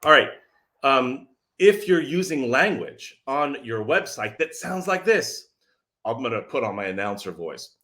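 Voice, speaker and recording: A man speaking from his office as a sales messaging coach, energetic and sarcastic, firing questions at his audience. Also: mid-range voice, a little slow. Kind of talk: direct-to-audience pitch.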